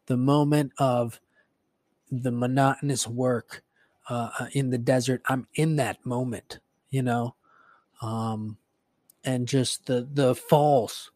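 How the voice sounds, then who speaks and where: A man's voice: medium pitch, fairly even intonation, takes it slowly, darkish tone, no echo. A man hosting a podcast, retelling a book in a casual, rambling way with lots of swearing and filler words. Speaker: podcast host.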